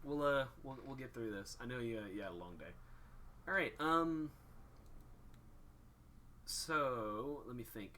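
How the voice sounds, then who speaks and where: A man's voice: mid-range voice, bright, forceful tone, slight background noise. A man running a tabletop game as game master, casual and full of ums. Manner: casual, lots of ums and uhs.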